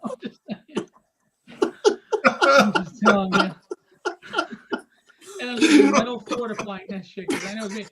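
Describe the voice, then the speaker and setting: A man's voice: high-pitched, animated, measured pace, long pauses. A middle-aged man hosting a live event, chatting casually and telling sarcastic, joking stories. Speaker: event host. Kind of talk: casual chat. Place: convention event. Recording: busy convention crowd behind.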